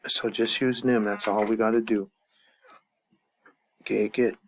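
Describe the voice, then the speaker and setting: A man's voice: lowish voice, level tone, a little slow. A man teaching a grammar lesson at a chart, thinking aloud with many fillers and restarts. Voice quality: gravelly. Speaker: language teacher.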